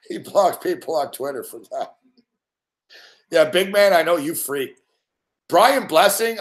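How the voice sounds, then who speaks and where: A man hosting a late-night sports betting rant, swearing and yelling excitedly at the game while telling stories. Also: a little high. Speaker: sports betting show host. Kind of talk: live rant while watching games.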